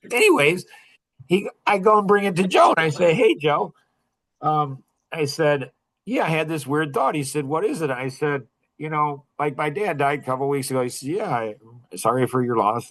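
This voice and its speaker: A man's voice: on the high side, a bit bright. A man in his sixties telling a personal story in a rambling, self-interrupting way, laughing now and then. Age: 60s. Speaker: podcast guest. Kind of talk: casual storytelling.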